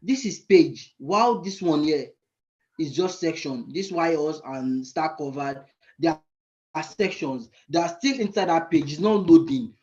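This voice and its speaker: A man mentoring frontend coders in a live screen-share lesson, thinking aloud and often pausing to search for the right word. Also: a little high, expressive, a little mellow, highs cut off.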